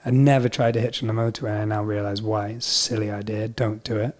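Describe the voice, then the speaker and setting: A man's voice: lowish voice, fast talker. A man from Scotland with a mixed Scottish and English accent, telling a story in casual chat and acting out the voices of the people in it. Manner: animated, acts out quoted voices. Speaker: podcast guest musician.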